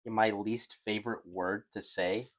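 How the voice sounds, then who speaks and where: A man with a fairly low voice co-hosts a casual podcast chat. He rambles through his points, swears freely and laughs often. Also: fairly even intonation, unhurried. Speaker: podcast co-host.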